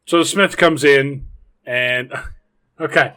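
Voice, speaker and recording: A man's voice: medium pitch, slow pace, bright, forceful tone. A man with a Canadian accent hosting a movie podcast, chatting casually and joking, acting out little scenes and laughing often. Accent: Canadian English. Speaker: podcast host. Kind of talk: casual chat about a movie.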